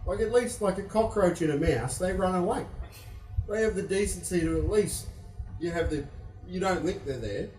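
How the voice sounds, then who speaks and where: A young Australian man rambles through a stand-up set, sweary and self-mocking, his voice sitting a touch high for a man. He sounds set back from the mic in an echoey room. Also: moderate pace, a little mellow, distant mic, faint music behind. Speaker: stand-up comedian. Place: comedy venue with live audience.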